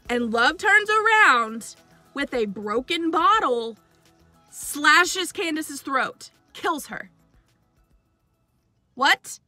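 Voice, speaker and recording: A young woman talks through a TV plot in a loose, gossipy way, dropping fillers and stopping for dramatic asides. Her voice sits a little high. Faint music runs underneath. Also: lively intonation, measured pace, sharp tone. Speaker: TV show reviewer. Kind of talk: casual spoiler recap.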